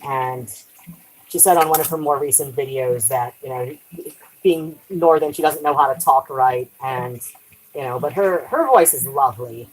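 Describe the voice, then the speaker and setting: A woman with a low voice chats on a live stream from her kitchen while she does the dishes. She rambles from thought to thought, trails off mid-sentence and swears lightly. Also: moderate pace, rough recording.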